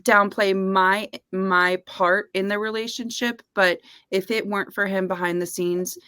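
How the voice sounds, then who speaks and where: A young woman speaks openly and enthusiastically in a casual heart-to-heart, often breaking into laughter. Her voice sits at a middle pitch, recorded dry and close with no room sound. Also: steady tone, unhurried, bright, forceful tone, smooth, no echo. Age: young adult. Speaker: interviewer.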